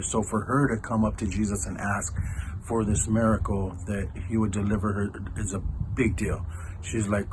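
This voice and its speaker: Low-voiced guy casually explaining a bible passage, saying "like" and "right?" a lot, noisy background. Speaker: church elder. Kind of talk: casual devotional teaching.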